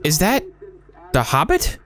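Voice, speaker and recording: A man's voice: sits high, wildly swooping pitch, unhurried, fairly bright tone, soft background music. A man giving sarcastic gameplay commentary, with dry, mocking, jokey asides.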